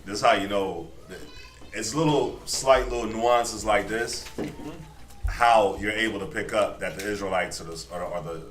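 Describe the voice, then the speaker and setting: A man leading a Bible study, explaining scripture in a relaxed, slangy way and laughing often. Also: fairly low pitch, moderate pace. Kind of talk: casual Bible study commentary. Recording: echoey room, far from mic, faint noise.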